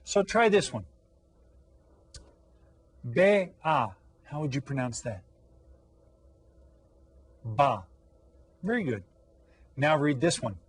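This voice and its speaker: A man teaching an elementary language lesson, patient and encouraging, pausing to ask children questions. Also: mid-range voice, big pitch swings, husky.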